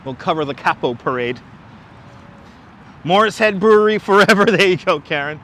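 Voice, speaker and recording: A man's voice: sits high, lively intonation, moderate pace, bright, forceful tone, slight background noise. A man hosting a casual walking livestream outdoors on city streets, chatting enthusiastically and greeting viewers by name through a wireless clip-on mic. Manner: chatty, greets viewers and reads their comments aloud. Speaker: livestream host.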